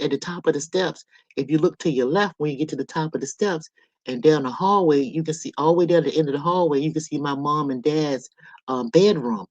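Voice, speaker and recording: A woman's voice: low-pitched, a little mellow, no room sound. A middle-aged woman hosting a casual livestream from home on her laptop, telling stories to her viewers in a chatty, salty way. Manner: chatty storyteller, swears, addresses viewers. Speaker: livestream host. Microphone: laptop microphone. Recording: dull lo-fi laptop audio.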